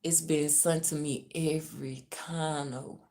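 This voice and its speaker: Brief: Louisiana woman, spiritual reader venting on a live stream, deep, slow, cussing, drops to mutters then flares up. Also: steady tone, creaky. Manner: profane, venting, swings from muttering to loud. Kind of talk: ranting livestream. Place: hotel room.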